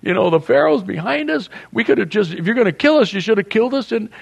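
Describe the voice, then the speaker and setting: A man's voice: high voice, lively intonation, fast talker, creaky, breathy edge, voice pushed up, full character voice. A man doing a whiny, panicked Moses. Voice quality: whiny, pleading. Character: panicked, whining male Moses.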